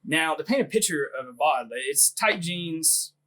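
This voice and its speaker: Male podcast host, slightly higher voice, rambling profane storyteller who laughs a lot. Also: expressive, normal speed, fairly bright tone, low-quality recording. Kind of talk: casual storytelling chat.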